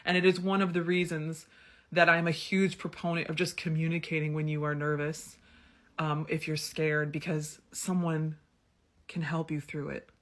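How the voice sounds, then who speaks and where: Deep-voiced and flat in delivery, a woman in her thirties talks at normal speed. She's a vlogger telling a frank, personal story in a chatty style, with frequent fillers such as "like" and "um."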